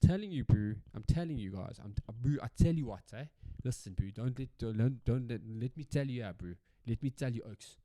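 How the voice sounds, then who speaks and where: A man's voice: mid-range voice, animated, brisk, few pauses, warm tone, no echo. A South African man hosting a solo podcast in a casual, rambling rant, swearing freely and repeating himself for emphasis. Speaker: podcast host.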